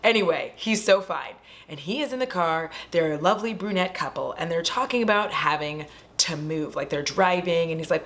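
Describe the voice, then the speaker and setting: A woman's voice: on the low side, normal speed. A young woman casually retelling a horror movie at home, acting out the screams and lines as she goes. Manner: animated, acts out scenes and screams.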